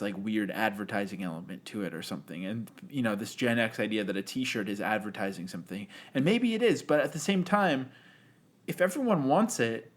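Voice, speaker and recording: Animated young man, podcast guest. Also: medium pitch. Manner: animated, laughs often, swears. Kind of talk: casual podcast chat.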